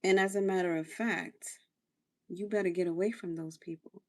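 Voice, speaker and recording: A woman's voice: fairly low pitch, steady tone, normal speed. A woman hosting a casual livestream, chatting through her skincare routine in a coaching tone and repeating phrases for emphasis. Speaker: livestream host.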